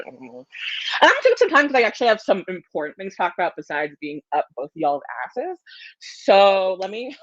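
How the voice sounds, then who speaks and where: A woman's voice: fairly low pitch, no echo, muffled recording. A woman juror giving an emotional farewell speech over a video call, effusive and laughing, cursing freely, a little stoned. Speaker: jury member.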